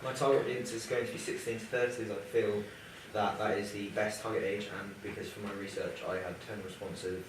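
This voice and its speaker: A young man earnestly pitching his documentary idea to a group, with some halting restarts. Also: little pitch movement. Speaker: student presenting a documentary idea. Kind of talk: casual group discussion. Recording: echoey room from far off, noisy.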